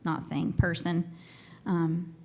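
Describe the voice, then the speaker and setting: A woman's voice: lowish voice, little pitch movement, slow, vocal fry, darkish tone. A young woman from Tennessee and Georgia with a Southern accent, telling a story on stage to a live audience in a chatty, self-deprecating way.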